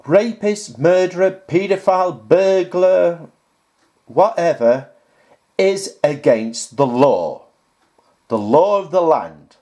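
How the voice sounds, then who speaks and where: Slow, lively-pitched exasperated man. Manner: reads comments aloud, then rebuts them point by point; sarcastic, exasperated. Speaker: YouTuber answering viewer comments. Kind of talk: casual talk to camera.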